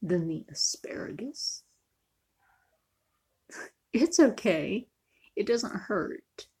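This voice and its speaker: A woman's voice: medium pitch, animated, drawn-out words, a little mellow, husky. A woman chatting casually in a cooking vlog, joking and often dropping to a near whisper. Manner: chatty, jokey, sometimes drops to a near whisper. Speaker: vlogger.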